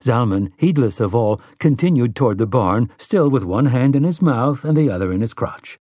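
Dry, measured male audiobook narrator. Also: mid-range voice, lively intonation, dark tone, no echo. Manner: measured storytelling. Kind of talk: scripted narration.

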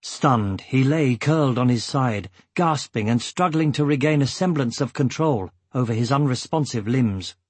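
A man narrates a story in a measured, deliberate way, letting dramatic moments sink in. His voice sits at an ordinary male pitch with a touch of huskiness. The sound is dry and close, with no room around it. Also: darkish tone, breathy edge, no room sound. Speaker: audiobook narrator. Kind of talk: scripted narration.

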